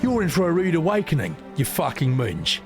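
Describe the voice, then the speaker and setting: Brief: a man doing a sneering, contemptuous thug, higher and lively, game music behind. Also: brisk.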